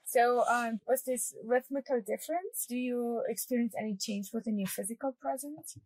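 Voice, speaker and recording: Interviewer: woman, fairly high voice, soft-spoken, curious, short affirmations. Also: normal speed, no room sound, poor audio. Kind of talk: casual interview.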